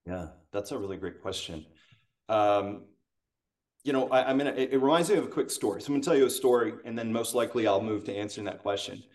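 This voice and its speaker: A man, a sales coach and podcast guest, telling a story in a lively, conversational way. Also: lowish voice, fast, distant mic. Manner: animated, acts out quotes.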